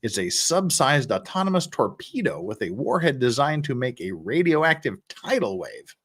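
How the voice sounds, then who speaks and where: An American man hosts a casual livestream, reading viewer messages and chatting loosely. His voice sits at a middle pitch but swings widely as he talks. He rambles, restarts words and chuckles along the way. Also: sing-song, normal speed, fairly bright tone, husky. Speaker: livestream host reading chat.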